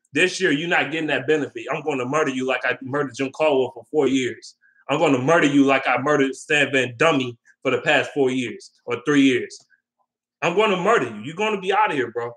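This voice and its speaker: In a mid-range, slightly bright voice, a man talks briskly through a profane, heated sports rant on his vlog. He repeats his arguments over and over and answers viewers' questions.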